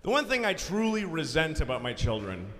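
A man's voice: a little high, huge pitch swings, a little fast, a little hiss or hum. A middle-aged man telling crude, exasperated jokes in a stand-up set in a large concert hall. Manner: crude, exasperated storytelling with sudden loud outbursts. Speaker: stand-up comedian. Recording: live concert hall recording, long reverb, faint crowd.

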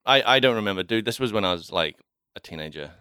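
Laid-back Kiwi guy co-hosting, clear bright voice, lots of "like" and laughs. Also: lowish voice, animated, fast talker, dry recording, clean studio sound. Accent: New Zealand. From New Zealand. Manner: laid-back, laughs often, filler-heavy. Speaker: podcast co-host. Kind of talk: casual chat.

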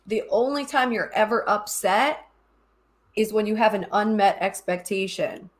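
A woman's voice: mid-range voice, unhurried. A woman co-hosting a podcast who talks in an effusive, self-deprecating way and laughs often, in a casual chat. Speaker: podcast co-host.

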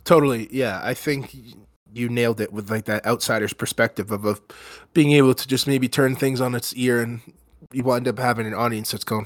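Young guy gushing on a film podcast, mid pitch, dry close sound. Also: fairly even intonation, brisk, dry recording. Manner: enthusiastic, rambling tangents. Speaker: podcast co-host. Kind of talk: casual film podcast chat.

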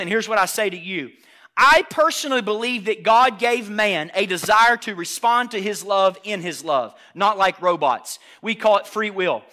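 A man preaching a sermon as pastor before a congregation, shifting from hushed, intimate asides to loud, emphatic preaching. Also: sits high. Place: church hall before a congregation.

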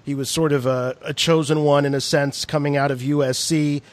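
A man co-hosting a podcast puts long questions in a measured way. His voice sits a little high. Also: little pitch movement. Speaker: podcast co-host. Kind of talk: interview questions.

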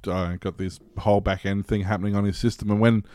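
A man's voice: on the low side, level tone, fast, darkish tone, no echo, studio quality. A man in casual chat, explaining things in a loose, rambling way.

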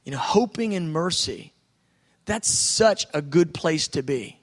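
A man preaching a sermon, moving between quiet reflective speech and loud, excited outbursts as he acts out prayers. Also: a little high, measured pace, long reverb tail. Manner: swings from soft musing to loud excited outbursts.

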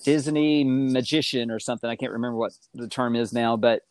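A middle-aged man telling his life story in casual conversation, animated and acting out the voices he quotes. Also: a little fast, no room sound. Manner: animated, acts out quoted voices with big pitch jumps.

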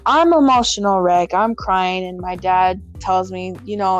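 A young woman telling an emotional personal story in conversation, halting and full of fillers and restarts, with faint music behind. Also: fairly low pitch, lo-fi sound.

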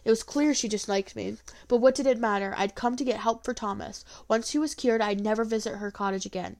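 A woman reading a first-person folk tale aloud, expressive, with small slips and restarts. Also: a little high, brisk.

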